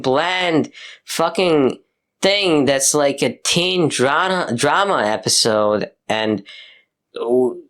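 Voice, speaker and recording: A young man ranting casually about films, exasperated and full of swearing and fillers. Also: on the high side. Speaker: commentator. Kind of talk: casual rant.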